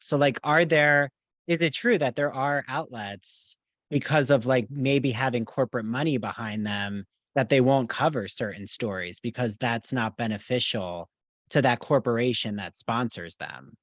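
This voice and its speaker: A man's voice: mid-range voice, fairly bright tone, no echo. A man hosting a podcast interview, asking long questions with many fillers and hedges. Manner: rambling, hedging questions with fillers. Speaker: podcast host.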